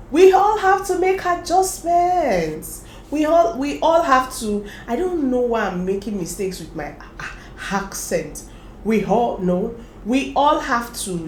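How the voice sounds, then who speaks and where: A lifestyle vlogger talks casually to the camera, sharing her own experiences and giving viewers direct advice with chatty, animated laughter. Her mid-range voice is reverberant, in a rough recording with slight background noise.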